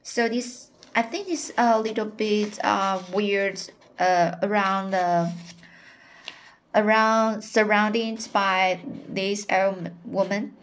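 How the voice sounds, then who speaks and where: A woman reading a novel aloud and pausing to give her own hesitant, careful commentary. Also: mid-range voice, steady tone, slight background noise. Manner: careful, hesitant, searching for words. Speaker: audiobook reader. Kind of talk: slow read-aloud with personal commentary.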